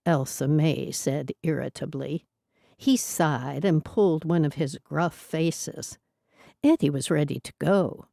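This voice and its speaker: Low, mellow woman narrator. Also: measured pace, vocal fry, no room sound, clean studio sound. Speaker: audiobook narrator. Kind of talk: scripted narration.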